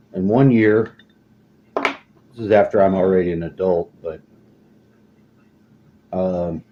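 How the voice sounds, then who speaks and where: A middle-aged man telling rambling stories in a casual, profane, deadpan way. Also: lowish voice, dull audio, a little hiss or hum. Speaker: storyteller. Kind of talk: casual storytelling monologue.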